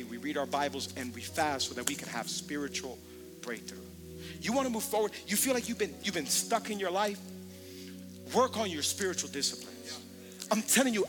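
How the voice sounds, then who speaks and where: A man preaching a sermon in a high voice over clear band music. His delivery is conversational, with repeated words. He rises into impassioned shouting. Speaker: pastor.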